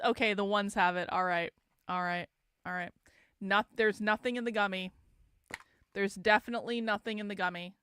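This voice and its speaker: A woman's voice: medium pitch, normal speed, pushed and bright, clean tone, no room sound, clean studio sound. A woman hosting a livestream, chatting casually and joking with her viewers. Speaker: livestream host.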